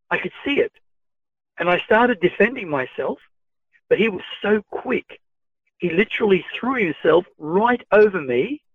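A man recounting his own experiences as a story, retelling each line of dialogue in a measured way. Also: fairly high pitch, no room sound. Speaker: channeled speaker recounting adventures. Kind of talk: first-person storytelling. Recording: tinny phone-like, dry.

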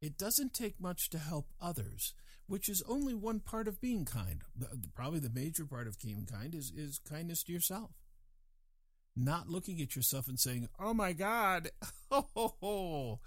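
Man, slightly high voice, very expressive melody, rambling warmly through a reflective talk, dry close sound. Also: normal speed, breathy edge, no echo. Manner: animated, digressive, chuckling asides. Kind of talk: reflective casual monologue.

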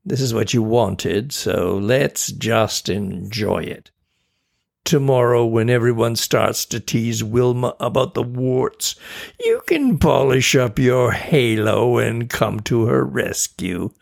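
A man voicing a small, sneering male imp who gloats in slow, mocking taunts. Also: mid-range voice, animated, vocal fry, full character voice. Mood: gloating.

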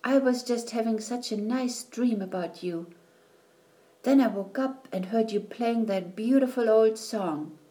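A woman voicing a sick, loving old grandmother who speaks in a soft, sleepy way in a storybook. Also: fairly high pitch, measured pace, pitched above the performer's own voice, close to an everyday voice. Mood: sleepy tender.

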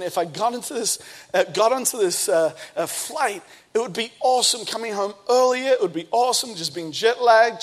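A man in his thirties, a pastor preaching a sermon and telling a personal story with lively bursts of speed and emphasis. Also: sits high.

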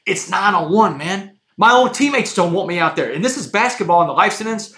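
A man's voice: high voice, brisk. Man telling a story in a roomy room. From Texas, USA. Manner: animated, addresses the host often, says "man" a lot. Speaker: guest. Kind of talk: dramatic personal storytelling. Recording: roomy echo.

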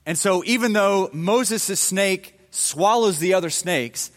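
A man's voice: high voice, takes it slowly. A man preaching a sermon, retelling a Bible story in a casual, conversational way with everyday slang. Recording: long hall reverb.

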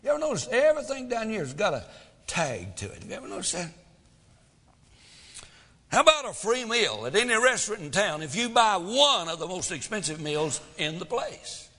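A man's voice: high-pitched, sing-song, brisk, bright, forceful tone, big-room sound. A man preaching a sermon as pastor, folksy, full of rhetorical questions, swelling and dropping for drama.

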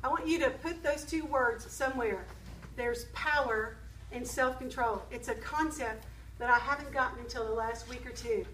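A woman's voice: fairly high pitch, moderate pace, a bit bright, far from the mic, a little hiss or hum. A woman preaching a sermon to a live group, emphatic, repeating key phrases and asking the audience questions. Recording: echoey room, speaker away from the mic.

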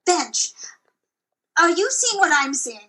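A woman improvising a comedy scene as a ship captain, with a breezy, deadpan delivery. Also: very high-pitched, takes it slowly, low-quality recording.

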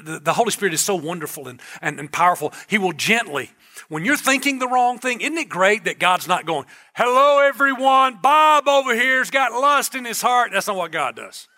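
Male pastor, sermon, high voice, bright tone, casual emphatic preaching with repeated phrases. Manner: conversational preaching with emphatic repetition.

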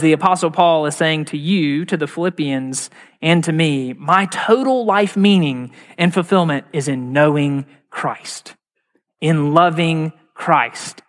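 A man, a pastor, preaching a sermon in a church with earnest repetition and slow emphatic stresses. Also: a little high. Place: church sanctuary. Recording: long reverb of a large hall.

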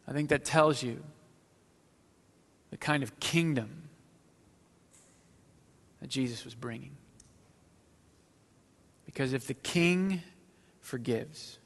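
A male pastor at mid pitch delivers a sermon, reading scripture and then pressing his points with slow, weighted pauses. His lines often sink to a near hush. The voice carries a long reverb tail, as in a large church sanctuary. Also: gravelly. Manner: reads scripture then preaches with slow, emphatic pauses and quiet, hushed lines.

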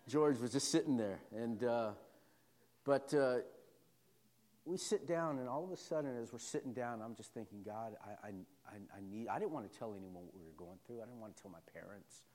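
A pastor preaching a sermon, moving from quiet personal storytelling to loud, repetitive call-and-response preaching. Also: male voice, medium pitch, moderate pace, long reverb tail.

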